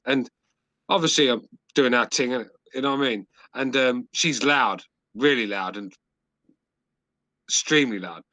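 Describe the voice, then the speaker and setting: A middle-aged man with an English accent tells crude, rambling stories on a podcast, swearing at every turn. His voice is bright and forceful. The sound is dry and close, with no room around it. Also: medium pitch, moderate pace, pauses often, no echo. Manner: swears constantly, rambling anecdotes. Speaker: podcast host. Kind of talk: crude casual chat.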